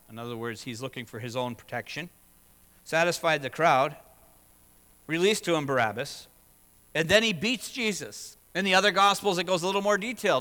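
A man preaching a sermon with a high, bright, ringing voice. He leans on rhetorical questions and swells into forceful, emphatic stretches. His words echo with a long reverb through a church hall. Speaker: pastor.

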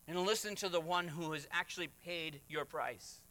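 A man's voice: fairly high pitch, normal speed, bright, forceful tone. A man preaching a sermon as pastor, emphatic, with acted asides and rising refrains. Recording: reverberant hall.

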